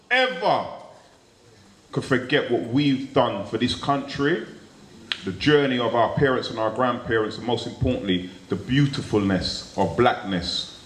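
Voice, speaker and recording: A man comedian giving an earnest, emphatic closing speech at a live show, repeating words for stress. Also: on the low side. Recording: echoey live room with audience.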